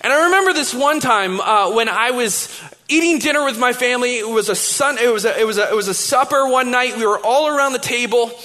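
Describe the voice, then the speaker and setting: A man's voice: very high-pitched, fairly quick, pushed and bright. A man in his thirties, a pastor giving a sermon, telling stories in a conversational way with many restarts. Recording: long reverb of a large hall.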